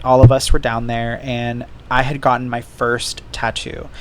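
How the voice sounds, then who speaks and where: A man's voice: mid-range voice, flat delivery, measured pace, a little hiss or hum. A man hosting a podcast alone, telling candid stories in casual chat and swearing freely. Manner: candid storytelling, heavy swearing. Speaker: podcast host.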